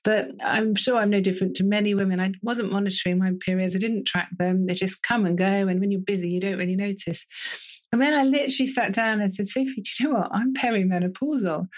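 A British woman in her forties, a doctor giving an interview, telling her story in a lively way and often laughing. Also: mid-range voice, fast. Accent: British English. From United Kingdom. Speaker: interview guest, GP and menopause specialist. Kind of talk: casual interview conversation.

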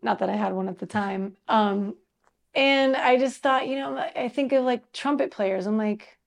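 Chatty, creaky-voiced woman musician. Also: on the high side, moderate pace. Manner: chatty, animated storyteller, laughs often, many fillers. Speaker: musician guest. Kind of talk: casual interview chat.

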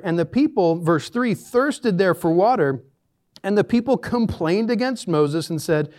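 A man's voice: sits high, lively intonation, measured pace, darkish tone. A man preaching a sermon as a pastor in a church, conversational and dryly sarcastic. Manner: conversational, dry sarcastic humor.

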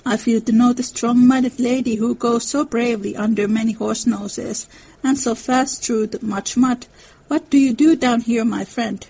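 Lady reading as a soft-spoken german professor, formal halting phrasing, mellow husky tone. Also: a little high, fairly even intonation, low-quality recording. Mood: earnest. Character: earnest older German male professor, gentle.

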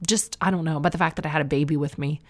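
Vlogger, Canadian woman in her 30s, low voice, chatty and wry. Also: fairly even intonation, racing. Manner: chatty, self-mocking, opinionated. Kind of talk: casual chat to camera. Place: indoors at home.

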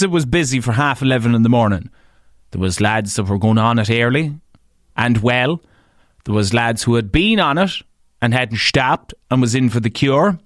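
A man with an Irish accent, a podcast and radio host, tells stories in a casual monologue. He swears freely and jumps up in pitch when he stresses a point. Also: no echo, studio quality. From Ireland. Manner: animated, swears freely, leaps up in pitch for emphasis.

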